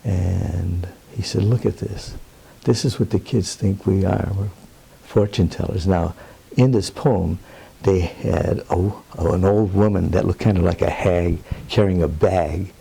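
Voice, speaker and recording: A man's voice: deep voice, a little slow, gravelly, mellow, breathy edge. An older man being interviewed, telling a personal story in an earnest, plainspoken way with rambling asides. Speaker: interviewee, Roma advocate.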